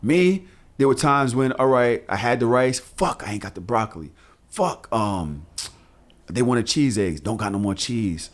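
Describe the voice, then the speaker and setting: A man, co-hosting a podcast and telling loose, profane stories full of animated asides. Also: medium pitch, unhurried. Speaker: podcast co-host. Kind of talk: casual podcast chat.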